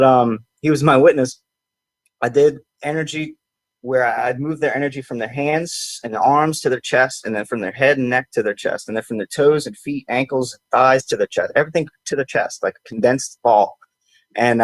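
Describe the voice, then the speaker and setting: A man telling a personal story in a casual, animated way, acting out what his friends said. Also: no echo. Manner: animated, acts out quoted friends in higher voices. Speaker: podcast host.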